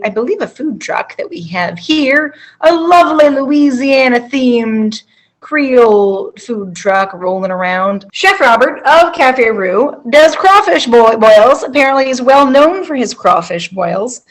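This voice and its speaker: A playful woman co-hosting a casual local food news show, with a jokey, easygoing delivery. Her voice is a little high. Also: rough recording. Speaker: podcast co-host.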